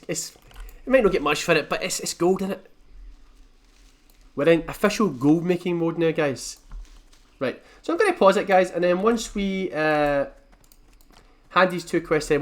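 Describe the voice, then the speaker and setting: Animated, sweary gaming host. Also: male voice, fairly high pitch. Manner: rambling, jokey, sweary. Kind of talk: casual game commentary.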